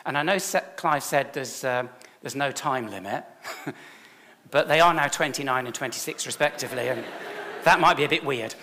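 A man's voice: mid-range voice, moderate pace, bright, forceful tone. A man, a church leader giving a chatty, self-deprecating sermon full of stories.

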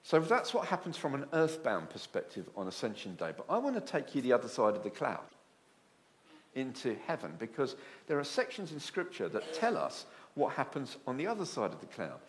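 A man preaching a sermon with a lively, rising and falling voice. He tells stories with animated asides and keeps the congregation engaged. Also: medium pitch, moderate pace. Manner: animated storytelling with acted asides.

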